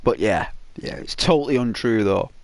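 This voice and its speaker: A man hosting a gaming channel, giving soft, drawn-out semi-ASMR commentary on gameplay, sometimes whispering. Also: fairly low pitch, animated, no room sound.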